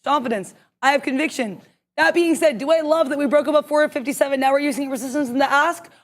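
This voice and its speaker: A woman calling her trades on a live market stream, excitable and emphatic, half talking to herself. Her voice sits high, and the words tumble out at a rapid clip. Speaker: day trader co-host. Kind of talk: live trading stream commentary.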